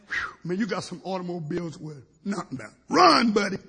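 A husky, very high-pitched man preaching a fiery sermon. He has a bright, cutting edge, and he jumps from shouted climaxes down to low, quiet asides while he drops hallelujahs in between. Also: lively intonation, fairly quick.

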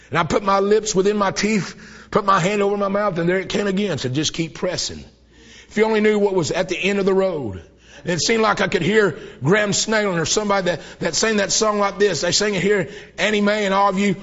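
A man preaching a sermon, telling a vision with mounting fervor and bursts of shouted praise. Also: sits high, fairly quick. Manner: fervent storytelling, voice rising to shouts of praise. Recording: dull lo-fi old tape.

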